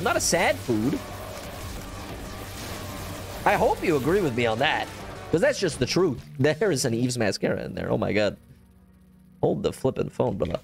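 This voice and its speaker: A man hosting a gaming channel, giving live gameplay commentary at home with a cat on his lap. He is hyper and excitable, jumps from squeals to low mutters, and teases himself playfully as he plays. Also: a little slow, vocal fry, pauses often, soft background music. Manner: playful self-teasing chatter.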